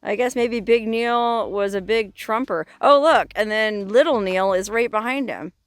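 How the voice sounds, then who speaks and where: A middle-aged woman vlogging outdoors in the open desert, chatting casually as she walks around, reading inscriptions aloud and exclaiming softly. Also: a little high, measured pace, clear, resonant tone, no room sound. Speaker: vlogger exploring remote desert sites. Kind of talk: casual narrated walkabout.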